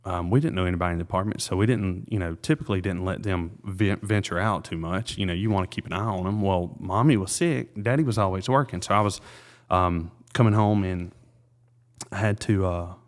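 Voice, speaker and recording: A man with a very low voice tells a personal story in an interview. He speaks earnestly and haltingly, often restarting his sentences and filling pauses. He sounds like a man in his thirties. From South Carolina. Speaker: realtor, interview guest.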